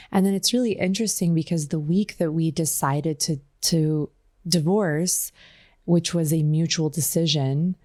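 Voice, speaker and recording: Low-voiced chatty woman podcaster. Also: fairly even intonation, normal speed, warm tone, no echo, studio quality. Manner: chatty and confessional, many "like" fillers, laughs often. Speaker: podcast host. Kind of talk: casual solo podcast monologue.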